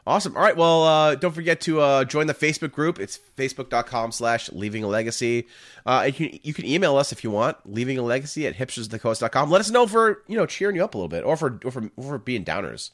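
Gravelly-voiced man rambling on a podcast. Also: medium pitch, expressive, fast talker, a bit bright. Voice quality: gravelly vocal fry. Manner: rambling, lots of filler words. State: hoarse, coughing. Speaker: podcast co-host. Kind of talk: casual podcast chat.

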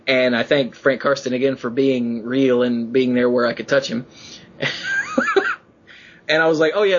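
A man hosting a podcast, chatting casually and telling excited stories in which he acts out quotes in a rising voice. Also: medium pitch, highs cut off, a little hiss or hum. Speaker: podcast host.

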